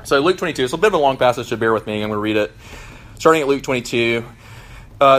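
A man's voice: medium pitch, fast talker, a bit bright. A man in his thirties preaching a sermon to a gathered audience, earnest and conversational, with frequent fillers and restarts. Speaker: pastor. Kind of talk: sermon with scripture reading.

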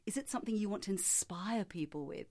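A woman voice coach answering interview questions in a measured, explanatory way, sometimes demonstrating her own voice. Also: medium pitch, lively intonation, mellow.

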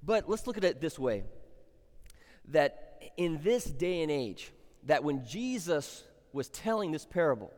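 A man with a slightly high voice preaches a sermon, working through scripture verse by verse. He repeats key phrases for weight and throws rhetorical questions at the congregation. The sound carries a long hall reverb. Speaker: pastor.

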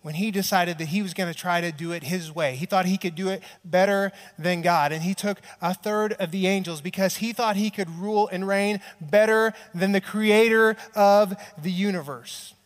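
Speaking in a high voice at normal speed with few pauses, this male pastor tells stories to his congregation in a big church hall where the reverb lingers. He keeps asking "right?" and performs small quotes as he goes.

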